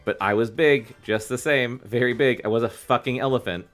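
A man's voice: medium pitch, a little fast, a bit bright, soft background music. A man co-hosting a casual podcast, chatting and reading a book aloud, enthusiastic and fond of swearing. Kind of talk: casual chat and read-aloud.

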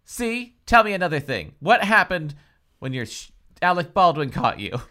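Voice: medium pitch, sing-song, normal speed, bright, forceful tone, pitched above the performer's own voice. A podcaster voicing a brash young woman heroine from a ghost story, read aloud in an exaggerated, mocking way.

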